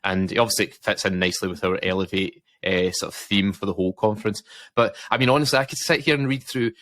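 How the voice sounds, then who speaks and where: Fast-talking Scottish man, low voice. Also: fairly even intonation, fairly bright tone, no room sound. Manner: rambling, self-mocking, many fillers and restarts. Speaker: podcast co-host. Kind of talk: casual podcast chat.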